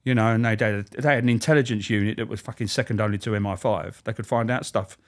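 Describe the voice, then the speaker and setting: A man's voice: lowish voice, steady tone, fast. Blunt, sweary man telling prison stories. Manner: blunt, sweary, rambling with restarts. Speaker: former prison officer. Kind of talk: casual storytelling interview.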